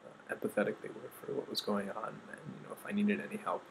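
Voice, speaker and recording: A man earnestly telling a personal story, acting out quotes and trailing off into soft asides. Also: fairly low pitch, expressive, fast, creaky, noisy background. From United States. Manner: earnest, quoting others with shifts of voice, trailing off softly.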